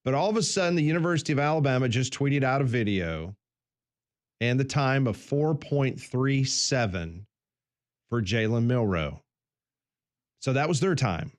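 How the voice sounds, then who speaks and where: Chatty radio co-host. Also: male voice, medium pitch. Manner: chatty, explains the news with asides. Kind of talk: casual sports talk radio.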